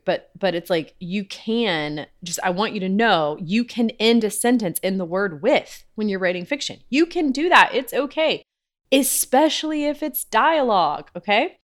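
A woman podcast host and writing coach giving casual, upbeat tips, often laughing at herself. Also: mid-range voice. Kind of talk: casual teaching talk.

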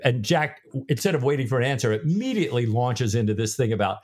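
A man's voice: medium pitch, lively intonation, quick pace, few pauses, a little mellow. A man co-hosting a casual book podcast, retelling scenes and reacting with enthusiasm. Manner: enthusiastic, exclaims often. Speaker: podcast co-host.

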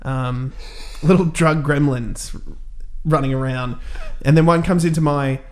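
A man's voice: fairly high pitch, fairly even intonation, measured pace. A man, casually telling a funny story and laughing along. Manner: laid-back, laughing anecdote-teller. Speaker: guest.

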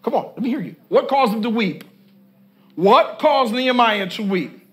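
High pitched guy preaching, reads a verse then stops and keeps asking the church to answer back. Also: lively intonation, normal speed, a bit bright. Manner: calls on the congregation to answer, repeats questions; reads scripture and stops to comment. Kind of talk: sermon. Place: church with congregation.

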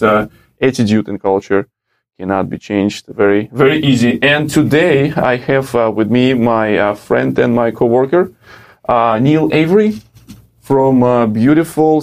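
A man with a Russian accent hosts a podcast interview at a middle pitch. He fills his sentences with "uh" pauses and sometimes drops his articles. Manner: frequent "uh" pauses, dropped articles. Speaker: podcast host.

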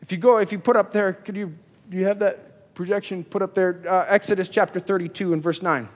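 High-pitched guy preaching in church, animated, lots of hall echo. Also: fairly quick. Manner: animated preaching, voices biblical figures in asides. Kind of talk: sermon. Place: church sanctuary.

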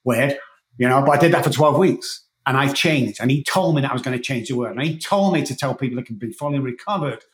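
A man being interviewed, telling his story in an emphatic, animated way. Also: mid-range voice, quick pace. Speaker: guest, addiction coach. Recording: echoey room.

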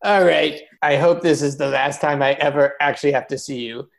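A man hosting a comedy roast podcast, mocking guests with big swings between loud jabs and muttered asides. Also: fairly high pitch, fairly even intonation, a little fast, gravelly.

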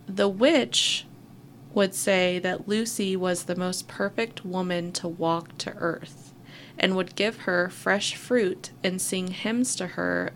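Woman co-host, low fry-heavy voice, steady storytelling read with dry asides. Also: slight background noise. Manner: reads at an even pace with wry asides. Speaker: podcast co-host. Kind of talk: reading a story aloud between casual chat.

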